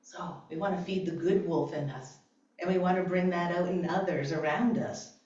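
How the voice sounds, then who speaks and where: Woman guest speaker, lively talk to a congregation, low-ish voice, distant and muffled in a roomy church. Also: normal speed. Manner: animated, laughs often, conversational. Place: church sanctuary. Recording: very echoey, distant, dull church recording.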